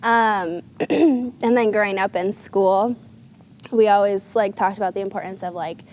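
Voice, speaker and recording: A woman's voice: mid-range voice, unhurried, darkish tone. A young woman in her twenties, a podcast guest, talking casually and rambling with lots of fillers and restarts. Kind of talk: casual interview chat.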